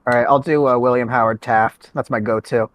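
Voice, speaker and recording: A man's voice: mid-range voice, steady tone, brisk. A man on a casual group podcast, cracking puns and jokes as he votes. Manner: jokey, punning. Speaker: podcast panelist.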